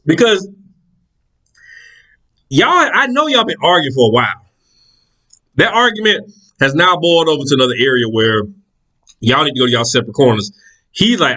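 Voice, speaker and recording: Sex: man. Role: storyteller. Style: casual storytelling monologue. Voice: fairly high and bright. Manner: animated, profane, acts out characters. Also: moderate pace, pauses often, low-quality recording. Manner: animated, profane, acts out the people in his stories.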